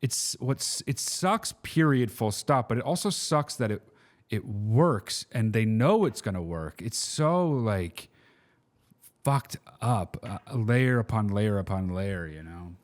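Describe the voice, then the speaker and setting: A man's voice: lowish voice, lively intonation, slow. A man hosting a podcast, reacting bluntly and sarcastically in casual chat. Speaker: podcast host.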